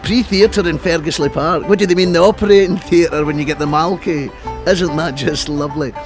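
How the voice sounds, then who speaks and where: A man's voice: on the high side, normal speed, music in the background, voice pushed up, natural voice. A man doing a comic impression of a Scottish comedian, rambling through absurd jokes in a Scottish accent. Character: impression of a famous Scottish comedian touring Scotland.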